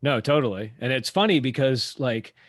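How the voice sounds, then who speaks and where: A man co-hosting a podcast, chatting casually about a book, animated and laughing easily, with frequent swearing. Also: medium pitch, moderate pace, no echo. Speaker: podcast co-host.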